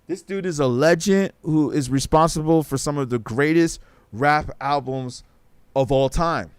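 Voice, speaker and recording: High-voiced man ranting on a livestream. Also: a little slow, clear, resonant tone, dry recording. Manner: rambling, profane, emphatic. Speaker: talk show host. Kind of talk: casual livestream talk.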